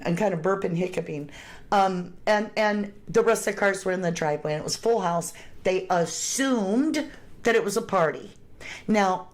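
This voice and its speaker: Low-voiced woman speculating on true crime. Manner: conversational, emphatic, speculative. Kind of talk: speculative solo commentary.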